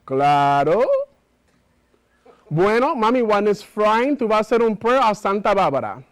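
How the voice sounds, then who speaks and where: A man's voice: sits high, big pitch swings, moderate pace, voice pushed up. A brassy phone spiritual adviser, as a man puts on the voice. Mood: bossy, confiding. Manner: brassy code-switching between Spanish and English, calling everyone mami. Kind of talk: solo theater monologue.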